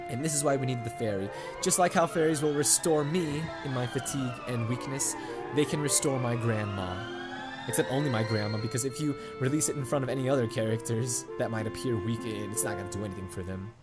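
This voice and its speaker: A man's voice: medium pitch, fairly quick. A man hosting a let's play, chatting and joking in a rambling way over his gameplay, on a condenser mic. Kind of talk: game commentary. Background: game music.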